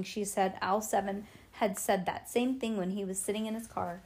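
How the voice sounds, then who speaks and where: A woman reading a children's storybook aloud, playful and relaxed, who breaks off for chatty asides to her young listener. Her pitch sits in an ordinary middle range. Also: moderate pace. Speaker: storybook reader.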